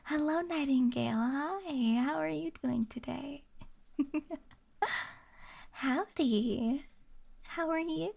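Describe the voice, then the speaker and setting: Soft giggly woman, gravelly whisper. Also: high-pitched, drawn-out words, pauses often. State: sleepy. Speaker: ASMR streamer. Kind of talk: soft-spoken ASMR chat. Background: rain ambience.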